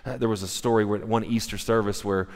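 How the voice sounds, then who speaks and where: A man's voice: on the low side, fairly even intonation, brisk. A male pastor preaching a sermon, telling stories in a conversational way with frequent restarts. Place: church sanctuary. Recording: long reverb of a church hall.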